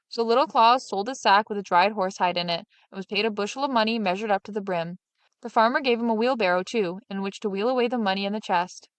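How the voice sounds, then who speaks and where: A woman's voice: medium pitch, quick pace, dry recording. Woman reading a fairy tale, dry close sound. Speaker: storyteller.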